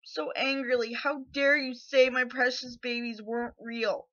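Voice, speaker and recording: A woman's voice: on the high side, little pitch movement, unhurried, pushed and bright, muffled recording. A woman venting to camera in an angry, indignant personal rant, shaking with anger and near tears, with many fillers. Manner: angry, indignant, filler-heavy ("like", "you know"). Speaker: vlogger.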